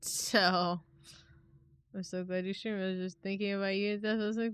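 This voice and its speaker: A woman's voice: medium pitch, little pitch movement, moderate pace, smooth, no echo. A young woman live streamer chatting casually with her viewers, rambling and giggling, swearing now and then.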